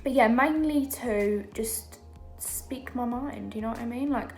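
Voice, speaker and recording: A woman's voice: on the high side, measured pace, darkish tone, roomy sound. Chatty young woman doing makeup. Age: young adult. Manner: chatty, rambling, many fillers and asides. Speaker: beauty vlogger. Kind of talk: casual chat while doing makeup. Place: home during lockdown.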